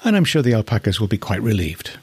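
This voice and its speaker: A middle-aged man from northeast England who keeps alpacas chats casually and fondly about them, thinking aloud. His fairly low voice is sing-song, fast, a little mellow and breathy-edged, in a dry recording.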